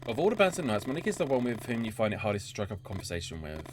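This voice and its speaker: A man's voice: on the low side, sing-song, racing, noisy background. A man streaming a story game, reading its narration aloud and breaking off to chat and swear about what happens. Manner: reads narration evenly, then chats and swears in asides. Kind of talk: reading game text aloud with casual commentary. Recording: game music behind the voice.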